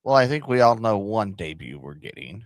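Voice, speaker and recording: Low-voiced man on a podcast, dry. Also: big pitch swings, moderate pace, no echo. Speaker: podcast co-host. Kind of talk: casual wrestling podcast chat.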